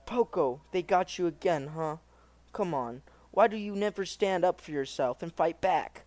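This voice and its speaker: Lady doing a caring big sis, kinda scolding but soft, slightly lower voice. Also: normal speed, no room sound, natural voice.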